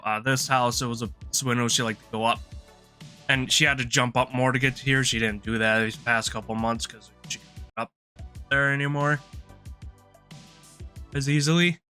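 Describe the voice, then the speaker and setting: A man's voice: mid-range voice, sharp tone. A man streaming live, telling a long rambling story in casual chat, laughing often and restarting his sentences.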